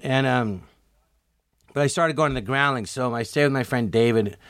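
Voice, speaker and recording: Animated man telling showbiz stories. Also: normal speed, dry recording, clean studio sound. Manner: animated, acts out quotes with jumps in pitch. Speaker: comedian guest. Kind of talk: storytelling interview.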